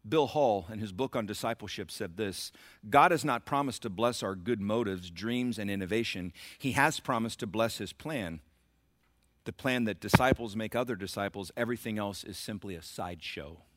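A man's voice: on the low side, normal speed, a bit bright, no echo. A middle-aged man preaching a sermon as pastor, building to emphatic surges and talking directly to the congregation.

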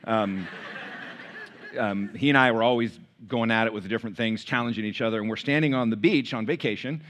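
Middle-aged man, pastor, bright edge to the voice, story-driven sermon with asides to the congregation. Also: on the low side, fast, a little hiss or hum.

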